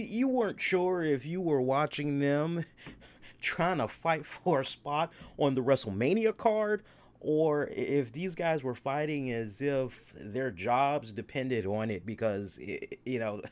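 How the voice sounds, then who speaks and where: Animated man rambling through a wrestling review. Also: medium pitch. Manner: animated, rambling, repeats phrases. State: tipsy after one beer, hiccuping. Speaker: wrestling show host. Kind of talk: live solo aftershow review.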